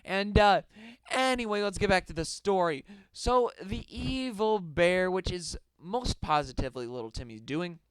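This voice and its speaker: A man's voice: high-pitched, lively intonation, normal speed, few pauses, a bit bright, clean tone, dry recording, rough recording. A young man reading out a silly story with mock drama and rambling asides.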